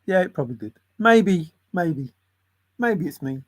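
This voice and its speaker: Guy rambling on his own channel, kinda high voice, half conspiracy talk, chuckles a lot. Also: lively intonation, unhurried. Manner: musing, conspiratorial, chuckling often. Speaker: channel host. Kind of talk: casual rambling monologue.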